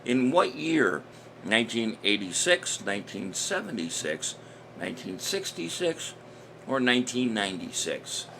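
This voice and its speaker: A man's voice: medium pitch, big pitch swings, a little slow, vocal fry, fairly bright tone, slight background noise. An older man casually hosting a live-stream trivia show, chatty and jokey, chuckling at his own jokes. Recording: music playing under the voice.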